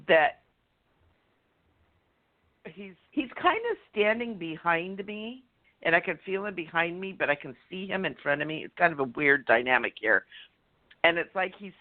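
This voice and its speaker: A man co-hosting a casual radio talk show as a medium, bubbly and excitable, full of likes and you-knows. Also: sits high. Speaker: co-host and medium. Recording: tinny phone line.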